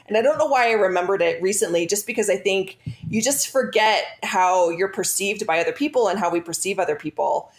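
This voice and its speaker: A woman in her thirties shares a personal story in casual chat, her medium-pitched voice moving a little fast as she rambles through plenty of fillers and restarts.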